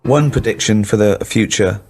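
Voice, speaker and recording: A man's voice: fairly low pitch, normal speed. A man hosting a podcast, chatting casually and teasing his co-hosts. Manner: teasing, laughs loudly at stories. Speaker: podcast host. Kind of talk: casual chat.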